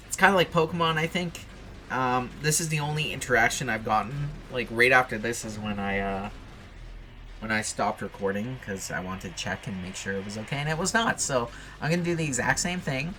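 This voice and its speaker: A man's voice: mid-range voice, moderate pace, pushed and bright, slight background noise. A man playing a text adventure, reading the narration aloud with casual asides. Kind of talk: let's play reading and commentary.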